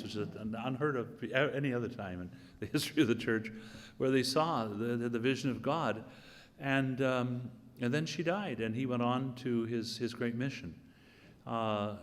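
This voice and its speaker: An older man, a cardinal, giving informal opening remarks, reflective with dry humorous asides. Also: mid-range voice. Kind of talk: informal spoken address. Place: church hall or chapel setting. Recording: long hall reverb.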